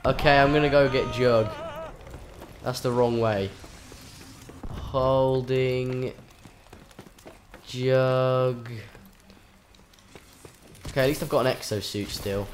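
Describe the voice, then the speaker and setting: A man's voice: medium pitch, fairly even intonation, takes it slowly, pauses often, soft background music. A man commentating his own game live, swearing often, with frustrated outbursts and panicked yelps. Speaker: gaming channel host.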